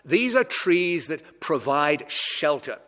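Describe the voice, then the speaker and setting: Male preacher, explanatory sermon delivery, a touch high-pitched, recorded with long hall reverb. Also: big pitch swings, fairly bright tone. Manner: measured, explanatory, with wry asides. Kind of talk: expository sermon. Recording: echoey hall.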